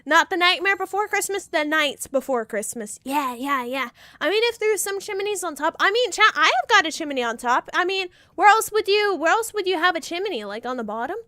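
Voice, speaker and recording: A woman's voice: extremely high pitch, bright, forceful tone, no echo. A young woman streamer chatting casually with her viewers and reading a storybook aloud, giggly and full of jokes. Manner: chatty, giggly, talks to chat, breaks off into jokes.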